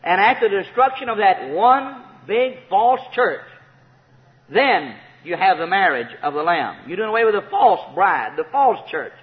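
A man preaching a sermon, emphatic and repetitive, rising to shouted praise. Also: sits high, big pitch swings, measured pace. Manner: emphatic, repeats key phrases, rises to shouts of praise. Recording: tinny phone-like sound with long hall reverb.

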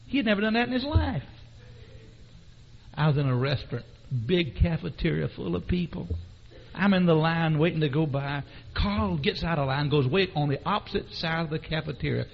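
On a dull lo-fi recording, a man delivers a sermon full of anecdotes at normal speed in a fairly high, creaky voice. He tells his stories with animation and calls on the congregation.

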